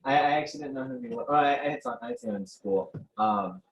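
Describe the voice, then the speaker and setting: A man's voice: medium pitch, very animated, fast talker, gravelly, lo-fi sound. A young man being interviewed, casually recounting events with frequent fillers and restarts. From Mexican heritage. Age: teens. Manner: hesitant, many restarts and fillers, laughs often. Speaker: interviewee, protest organizer.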